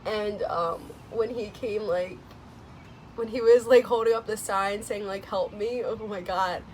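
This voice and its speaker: A young woman talks casually in a vlog, gushing and excitable, her sentences tumbling out with lots of fillers and laughter. Her voice sits at an ordinary middle pitch. A faint background hiss runs under the recording. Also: moderate pace. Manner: gushing and excitable, many "like"s, laughs and sighs, swings into squealing high quotes. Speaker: vlogger reviewing a movie. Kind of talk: casual chat.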